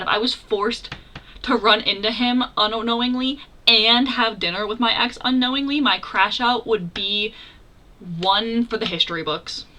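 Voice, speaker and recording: A young woman hosting a reaction video, talking casually and exclaiming excitedly as she comments. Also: a little high.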